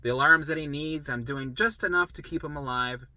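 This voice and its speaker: A man's voice: fairly high pitch, a little fast, pushed and bright, no room sound. A man voicing his brain's lazy alarm system as an indifferent male figure who speaks in a shrugging, offhand way.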